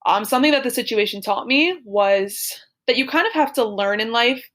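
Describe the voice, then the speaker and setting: A young woman with a fairly high voice tells a story on her podcast. She chats casually and giggles often, peppering her talk with "like" and "super". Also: normal speed, a bit bright. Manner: chatty, giggly, lots of "like" and "super". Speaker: podcast co-host. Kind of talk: casual chat, telling a personal story.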